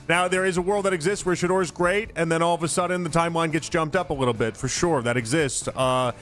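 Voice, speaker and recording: A man co-hosting a sports radio show, casually laying out his reasoning in a steady way. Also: on the high side, fast talker. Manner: steady, reasoned, lays out predictions.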